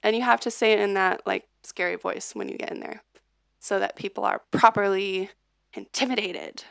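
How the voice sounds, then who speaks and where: A woman's voice: medium pitch, steady tone, moderate pace, creaky, a bit bright, clear, resonant tone, no echo, clean studio sound. A woman streaming live as a musician, chatting casually with many fillers and restarts. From United States. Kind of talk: casual livestream chat.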